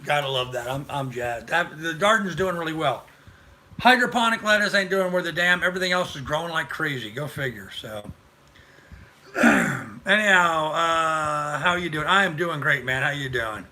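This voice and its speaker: Older male host, rambling live chat, very bright voice, pitched a bit high. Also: expressive, normal speed. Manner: rambling, chatty, greets viewers. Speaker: livestream host. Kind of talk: casual live-stream chat.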